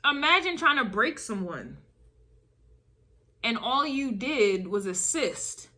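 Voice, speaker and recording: A woman's voice: on the high side, big pitch swings, slow pace, bright, forceful tone. A woman doing a casual spiritual reading to camera, emphatic and driving her points with repeated phrases. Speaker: tarot reader.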